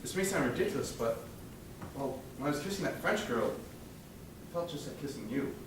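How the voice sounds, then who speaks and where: An actor on stage playing an earnest, smitten young groom who pleads in a bright, crooning manner. Heard from a distance in an echoey hall with music. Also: male voice, medium pitch, animated, normal speed, noisy background, close to an everyday voice. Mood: pleading.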